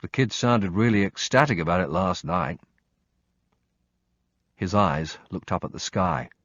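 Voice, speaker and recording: Deep-voiced man narrating an audiobook. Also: expressive, a little slow, a bit bright, no echo. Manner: dry, wry storytelling with blunt swearing. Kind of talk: first-person audiobook narration. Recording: dry, slightly muffled audio.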